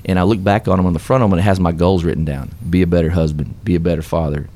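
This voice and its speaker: A man with a low, steady, mellow voice talks very fast as a guest on a radio show. He tells his success story with earnest, upbeat emphasis, almost like a preacher, in a motivational radio interview.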